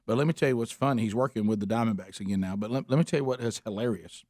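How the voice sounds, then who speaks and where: A man hosting a radio talk show, telling lively anecdotes and acting out quotes. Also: lowish voice, racing, no room sound, clean studio sound. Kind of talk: casual morning-show storytelling.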